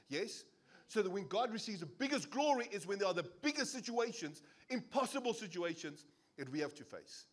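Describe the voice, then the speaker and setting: A man's voice: high voice, a little fast. A male pastor with a South African English accent preaching a sermon, telling stories with acted-out voices. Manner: animated storyteller acting out voices. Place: church service.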